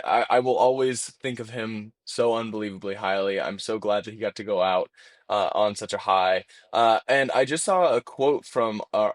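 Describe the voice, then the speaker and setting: A man's voice: on the low side, dry recording, studio quality. A man co-hosting a casual football podcast, speaking earnestly with plenty of fillers. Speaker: podcast co-host.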